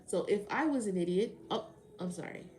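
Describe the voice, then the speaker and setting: A woman's voice: mid-range voice, expressive, normal speed, a little mellow. A woman doing a tarot reading on a casual livestream, talking back to chat commenters with a sarcastic, swearing edge. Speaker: tarot reader answering a live chat.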